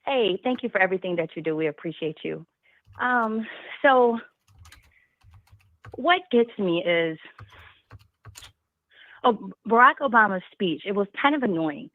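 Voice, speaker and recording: A woman's voice: mid-range voice, lively intonation, a little slow, pauses often, no room sound. A woman calling in to a talk show, speaking passionately and firing off rhetorical questions. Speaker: caller. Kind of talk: call-in talk. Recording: tinny phone line.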